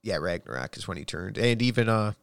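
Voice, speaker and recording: A man's voice: fairly low pitch, expressive, fairly quick, gravelly, a bit bright, smooth. Blunt, profane man ranting. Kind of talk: casual chat.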